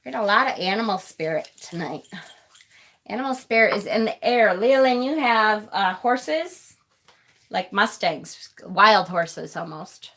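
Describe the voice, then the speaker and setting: A woman's voice: medium pitch, lively intonation, measured pace, fairly bright tone. A woman from Rochester, New York, giving casual live tarot readings, chatty and affectionate as she answers viewers' comments. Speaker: tarot reader and channel host.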